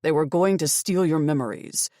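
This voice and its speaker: A woman's voice: low-pitched, moderate pace, warm tone, no echo, lightly acted. Curt, icy winged fae man voiced by a woman narrator, dry close audiobook sound. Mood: cold. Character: cold arrogant male winged fae warrior. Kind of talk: audiobook character voice.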